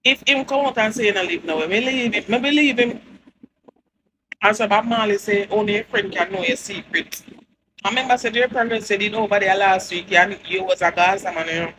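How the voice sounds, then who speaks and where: Brisk and mid-range in voice, a Jamaican-accented woman casually riffs on entertainment news, poking fun and laughing a lot. Noticeable background noise runs through the recording.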